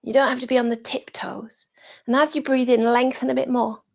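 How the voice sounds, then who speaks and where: A British woman teaching a yoga class over a video call, giving soft breathy cues that often drop to a whisper. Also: a little high, little pitch movement, fairly quick. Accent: British English.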